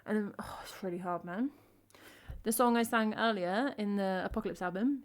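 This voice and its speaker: An English woman in her thirties, a streamer and singer-songwriter, chats casually with viewers on a music livestream, rambling and poking fun at herself. Her mid-range voice moves at a normal speed, and her English accent drops its T's.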